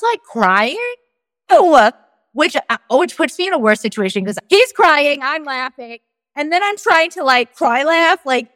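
A woman's voice: high voice, a bit bright, dry recording, studio quality. A woman telling a personal story on a podcast, rambling and full of "like", acting out what people said. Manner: rambling, full of "like" and acted-out quotes. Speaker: guest storyteller.

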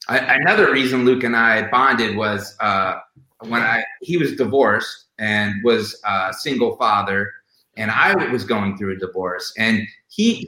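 A man's voice: lowish voice, bright, forceful tone, echoey room, rough recording. A man casually telling personal stories about a late friend, with many fillers and restarts. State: emotional, near tears. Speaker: guest sharing memories of a late friend. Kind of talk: casual storytelling on a podcast.

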